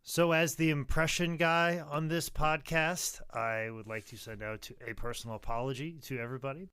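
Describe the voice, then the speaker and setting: A man's voice: fairly high pitch, steady tone, moderate pace, bright, forceful tone, clear, resonant tone, faint music behind. A man co-hosting a podcast, joking and swearing as he apologizes. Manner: jokey, profane, dives into impressions. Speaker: podcast co-host. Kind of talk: casual podcast chat.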